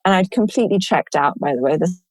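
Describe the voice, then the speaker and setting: A woman guest telling her own story in an open, animated way, with many "like" fillers. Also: fairly low pitch, fast talker, no echo, rough recording. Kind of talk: personal storytelling in a conversation.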